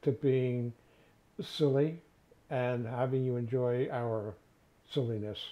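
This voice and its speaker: A man's voice: mid-range voice, steady tone, takes it slowly, crowd noise. An older man co-hosting a casual chat, playful and jokey. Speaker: co-host. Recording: dull lo-fi sound.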